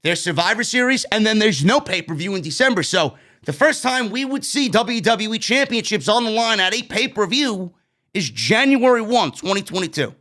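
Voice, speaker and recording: A high, bright-toned man talking through a wrestling show review. He is blunt and profane, and he sounds openly exasperated with choices he doesn't like. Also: expressive, moderate pace. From New York. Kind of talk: casual opinionated review.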